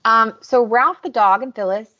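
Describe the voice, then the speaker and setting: A woman's voice: fairly high pitch, normal speed, pushed and bright, lo-fi sound. A young woman from the American South co-hosting a podcast, chatting casually and recapping scenes with lots of "like" and "um". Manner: chatty, recaps scenes and acts out quotes with laughs. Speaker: podcast co-host.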